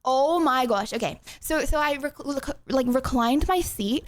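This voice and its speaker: Chatty high-voiced woman streaming. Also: lively intonation, measured pace, dry recording. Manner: chatty, rambling, lots of "like" and "okay". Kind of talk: casual chat.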